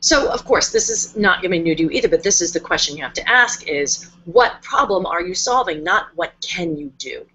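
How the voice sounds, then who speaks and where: A woman's voice: on the low side, animated, brisk, few pauses, pushed and bright, husky, highs cut off. A woman hosting a casual live-stream talk as a coach, chatty and emphatic, often acting out her clients' voices. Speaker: host and coach.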